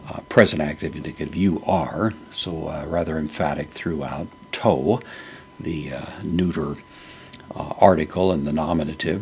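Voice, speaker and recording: A man teaching a verse-by-verse Greek Bible lesson, unhurried, with many fillers as he parses each word. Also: a bass voice, creaky, fairly bright tone, slight background noise.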